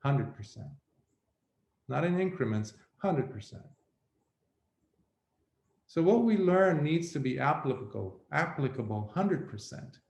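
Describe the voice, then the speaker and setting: A Buddhist monk giving a reflective dharma talk, telling a story slowly with pauses. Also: male voice, on the high side, big pitch swings, gravelly, darkish tone. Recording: roomy echo.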